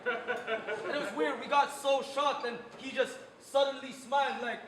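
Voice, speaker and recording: A man's voice: very high-pitched, fairly even intonation, unhurried. A man delivering a mocking, story-driven live battle rap at an event venue. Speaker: battle rapper. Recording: echoey room, loud background noise.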